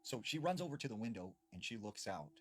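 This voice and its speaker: A man casually telling a creepy story, with hushed dips for suspense. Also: lowish voice, very animated, quick pace, slight background noise.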